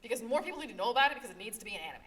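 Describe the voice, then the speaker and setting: Animated woman recapping manga at a panel. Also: on the high side, racing. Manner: animated, emphatic storytelling, repeated "okay?" check-ins. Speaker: librarian presenting a manga panel. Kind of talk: live convention panel talk. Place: convention panel room, live before an audience. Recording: distant mic, faint room noise.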